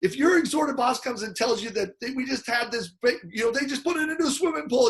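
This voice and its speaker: A man giving an animated teaching talk, acting out quoted people in loud, excited bursts. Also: extremely high pitch, fast, hardly any pauses. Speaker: personality model speaker.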